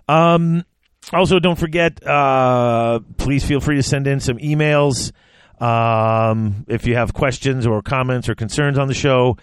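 A man's voice: mid-range voice, a little slow, clean tone, no room sound. A man co-hosting a podcast in casual chat, rambling and restarting his sentences as he goes. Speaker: podcast co-host.

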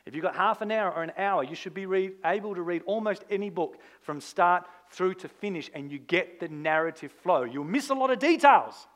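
Animated preaching man, slightly high voice. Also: moderate pace, hardly any pauses. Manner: animated, conversational preaching with rhetorical questions. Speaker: pastor. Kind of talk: sermon.

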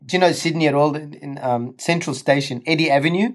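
A male comedian guest telling lively anecdotes in casual chat, often breaking into laughter. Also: fairly high pitch, quick pace. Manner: animated anecdotes, frequent laughter.

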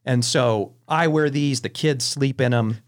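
A man's voice: mid-range voice, a little slow. A man hosting a film podcast, telling stories in a casual, chatty way with many restarts. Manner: animated anecdotes with frequent restarts. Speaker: podcast host. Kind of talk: casual storytelling chat.

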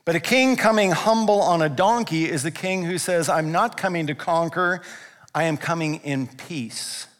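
A male pastor from Canada preaching a sermon, emphatic and swinging between hushed and loud passages. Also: a little high, moderate pace. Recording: long hall reverb.

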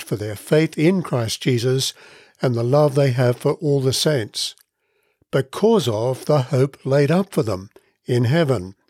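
A man giving a scripted devotional Bible teaching, reading in a measured, earnest way and leaning on key words. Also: medium pitch, darkish tone, dry recording, studio quality.

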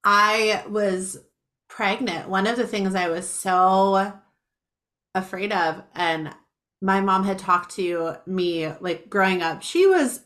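A woman's voice: mid-range voice, takes it slowly, fairly bright tone. A woman in her thirties hosting a podcast, talking in a reflective, conversational way. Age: 30s. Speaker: podcast host.

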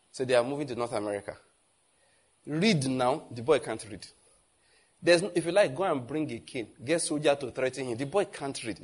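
Nigerian guy preaching, husky voice, lively, keeps asking the crowd stuff. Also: medium pitch. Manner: animated, asks the audience questions. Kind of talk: sermon.

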